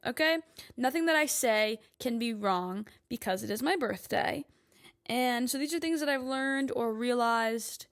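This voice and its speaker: Chatty young woman, slightly high voice. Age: 20s. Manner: chatty, lots of "like" fillers, emphatic. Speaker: podcast host. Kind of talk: casual monologue.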